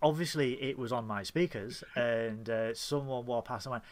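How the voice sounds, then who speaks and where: A man's voice: mid-range voice, normal speed. A British man hosting a casual podcast chat, telling rambling, joking anecdotes and laughing often. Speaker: podcast host.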